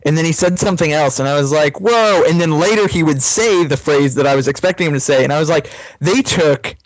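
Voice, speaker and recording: A man's voice: a little high, fast talker, dry recording, poor audio. A young man co-hosting a podcast, casually recounting his reactions to a film. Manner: relaxed, storytelling with quoted reactions. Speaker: podcast co-host.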